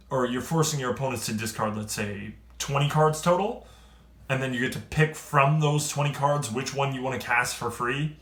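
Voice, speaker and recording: A man giving a casual, excitable card-game review, rambling and trailing off quieter at the ends of thoughts. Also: mid-range voice. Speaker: card game video creator. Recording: roomy echo.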